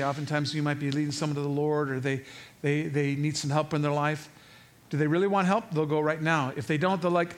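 Male pastor, lively preacher who acts out quotes and fires rhetorical questions, voice a bit high. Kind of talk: sermon.

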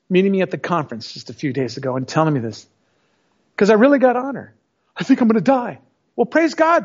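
A middle-aged man preaching a sermon, speaking emphatically and telling stories straight to the congregation. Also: sits high. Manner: emphatic, storytelling, addresses the congregation directly. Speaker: pastor. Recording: dull lo-fi recording.

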